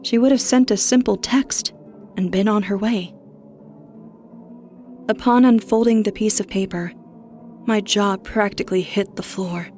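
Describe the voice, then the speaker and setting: A woman reading a first-person horror story as narrator, steady with a tense edge. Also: medium pitch, unhurried, pauses often, soft background music.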